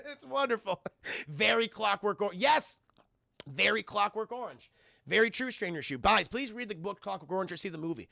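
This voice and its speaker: A young man talks through a film for his live chat, excitable and full of swearing. His voice sits high and swings widely, with a heavy gravelly fry. The sound is dry and close. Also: moderate pace, no room sound. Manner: excitable, swears often, talks to chat, bursts into loud character quotes. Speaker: film reviewer streaming to chat. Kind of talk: casual live-stream recap.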